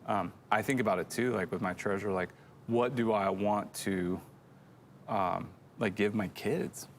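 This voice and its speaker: A man's voice: lowish voice, fairly even intonation, unhurried, slight background noise. A middle-aged man co-hosting a church show, telling a rambling, self-deprecating story in casual chat.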